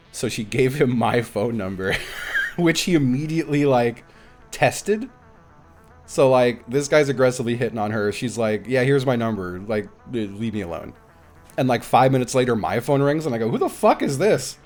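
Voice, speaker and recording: A man chatting casually on a live game stream, telling stories with lots of laughter. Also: mid-range voice. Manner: animated storytelling with frequent laughs. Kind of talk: casual live-stream chat while gaming.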